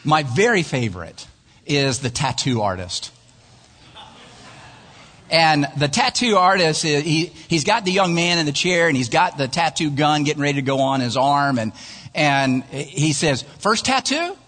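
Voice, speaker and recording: A male pastor preaching a sermon in a church, telling stories in an animated way and chuckling at his own jokes. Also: on the high side, unhurried. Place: church sanctuary. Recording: long church-hall reverb.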